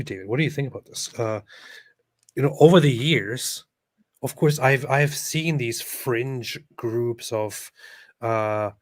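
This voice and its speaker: A man's voice: medium pitch, dry recording, clean studio sound. A man co-hosting a casual livestream, reading viewer comments aloud and laughing often.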